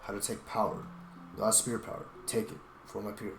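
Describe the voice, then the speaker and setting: A man voicing a halting clouded leopard spirit. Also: little pitch movement, creaky, background noise. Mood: terse. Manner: broken clipped phrases, low and slow. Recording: roomy echo with game music.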